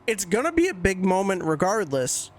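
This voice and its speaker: A man with a fairly high voice hosts a laid-back podcast. He talks in a chatty, candid way, with the odd swear word dropped in. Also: very animated, normal speed. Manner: chatty, candid fan opinions with casual swearing. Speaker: podcast host. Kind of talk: casual wrestling commentary podcast.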